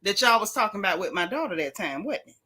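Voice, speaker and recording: A woman's voice: mid-range voice, expressive, quick pace, sharp tone, husky. A woman hosting a casual chat, talking emphatically and at length about her opinions. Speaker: host.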